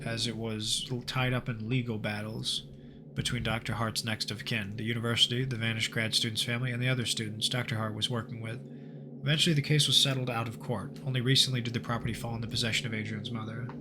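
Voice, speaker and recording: Over game music and other background noise, a man with a mid-range voice streams a horror game. He reads its story text aloud and keeps things casual and jokey, tossing in sworn asides as he plays.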